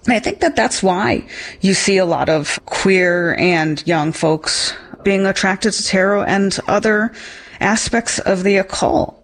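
A woman's voice: medium pitch, unhurried. A woman interviewee explaining a point in an interview. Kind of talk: interview commentary.

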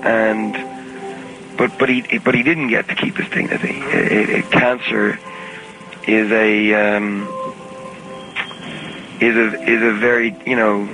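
A man giving a reflective, halting interview over the phone, with many restarts and a soft-spoken manner. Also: on the low side, level tone, low-quality recording. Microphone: phone call recording. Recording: archival phone tape with music underneath.

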